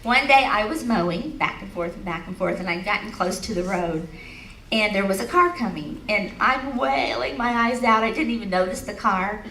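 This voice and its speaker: Middle-aged woman telling a story on stage, bright voice, big echoey hall heard from a ways off. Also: mid-range voice, moderate pace, vocal fry, slight background noise. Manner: storytelling, laughing, leading the audience in affirmations. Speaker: speaker at an expo. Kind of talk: motivational talk to a live audience. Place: large hall at an expo. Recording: echoey hall recorded from a distance.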